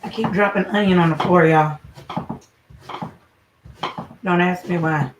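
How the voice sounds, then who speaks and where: A woman's voice: lowish voice, a little slow. Chatty woman cooking in an echoey kitchen. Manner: chatty, salty, talks straight to viewers. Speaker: home cooking show host and mother. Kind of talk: casual livestream cooking chat. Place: home kitchen. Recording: echoey room, voice from a distance, faint noise.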